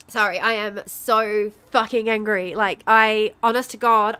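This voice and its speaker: A woman streaming live, shaking with anger, swearing and swinging between loud outbursts and quiet muttering. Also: medium pitch, fairly even intonation, unhurried, hardly any pauses, clear, resonant tone. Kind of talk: angry livestream rant.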